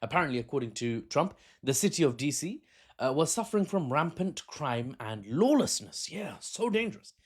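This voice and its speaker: A man at a medium pitch talks through political events in a loose, unscripted commentary. He keeps breaking off with chatty, self-mocking asides and laughs easily at himself. It is recorded on a phone camera. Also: expressive, brisk. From Britain. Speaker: political analyst.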